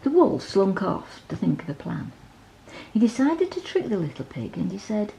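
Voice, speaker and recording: A woman reading a bedtime story aloud, gently asking the child to look at the pictures. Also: medium pitch, big pitch swings, moderate pace, creaky, slight background noise, low-quality recording.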